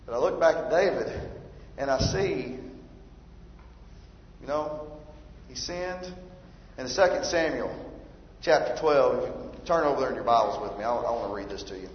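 A man's voice: mid-range voice, moderate pace, pauses often. A man preaching a sermon, emphatic and rising in force when he reads scripture. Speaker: pastor. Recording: roomy hall reverb, dull lo-fi sound.

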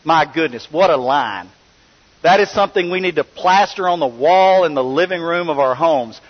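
Man preaching in a reverberant hall. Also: normal speed. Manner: storytelling, voicing characters with rising pitch. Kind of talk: sermon. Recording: long reverb, dull lo-fi sound.

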